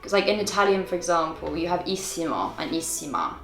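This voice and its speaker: A young English woman co-hosting a casual chat, talking quickly and enthusiastically. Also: fairly low pitch, big pitch swings, fairly bright tone, echoey room, faint music behind, low-quality recording. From England. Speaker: co-host. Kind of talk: casual chat over wine.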